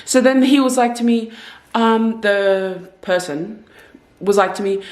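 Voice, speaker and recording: A woman's voice: fairly high pitch, level tone, unhurried, a little mellow. Chatty young woman vlogging at home. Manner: chatty, rambling, self-aware. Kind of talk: casual vlog chat. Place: bedroom at home.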